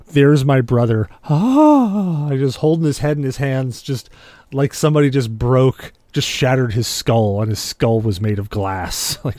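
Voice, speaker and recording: A man hosting a podcast, telling rambling, animated stories in casual chat. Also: mid-range voice, dry recording. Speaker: podcast host.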